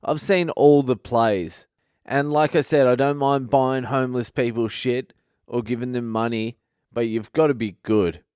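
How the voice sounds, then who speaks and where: A man's voice: medium pitch, steady tone, unhurried, a little mellow, clear, resonant tone, no room sound. A man, a comedian hosting a podcast and telling a profane, laid-back story into a close mic.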